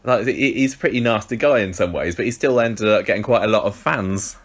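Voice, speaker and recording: A man interviewing a guest in a relaxed way, laughing along and coaxing him on. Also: on the low side, a little fast. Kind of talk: casual interview chat.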